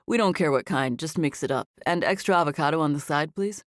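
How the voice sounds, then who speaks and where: A woman voicing an easygoing, quietly confident young male star in an audiobook. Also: low voice, fairly quick, dry recording, studio quality, close to an everyday voice. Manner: relaxed, quietly assured.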